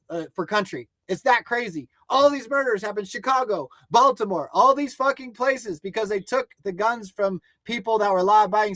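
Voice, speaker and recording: A man co-hosting a livestream news show, ranting angrily and swearing, rising to shouts at times. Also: high-pitched, dry recording. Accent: American. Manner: angry, profane, shouting at times. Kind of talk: heated ranting livestream commentary.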